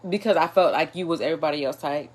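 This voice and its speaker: A woman's voice: low-pitched, rapid-fire, darkish tone. A woman with a New York accent co-hosting a live show with her husband, answering in a hesitant way and restarting her sentences. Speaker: co-host, wife of the other host. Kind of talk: casual live-stream chat. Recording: noisy recording with clicks.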